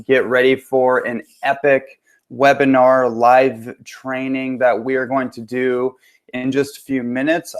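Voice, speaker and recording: A man, a transformation coach, hosting a live online webinar with an upbeat manner, greeting viewers and checking that they can hear him. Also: medium pitch.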